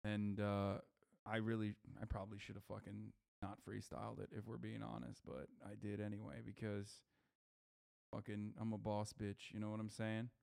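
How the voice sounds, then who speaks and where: A man's voice: on the low side, completely flat delivery, normal speed, gravelly, darkish tone. A man streaming live, reading chat and talking loosely and profanely with lots of fillers. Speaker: streamer host. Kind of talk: casual livestream chat, reading chat messages.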